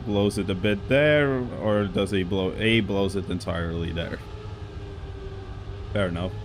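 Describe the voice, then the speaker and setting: Slow, low-voiced man streaming a racing game. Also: noisy background. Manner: relaxed, rambling, many fillers and restarts. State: coughing now and then. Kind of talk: casual live-stream commentary.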